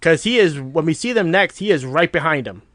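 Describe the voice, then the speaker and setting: A man's voice: a little high, a little fast, no echo. A man co-hosting a podcast in casual chat, acting out movie quotes with energy. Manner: animated, acts out movie quotes. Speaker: podcast co-host.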